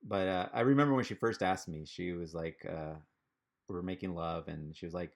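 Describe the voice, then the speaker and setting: Male comic, low gravelly voice, halting stand-up delivery over a video call. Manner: rambling, halting delivery with many fillers. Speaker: stand-up comedian.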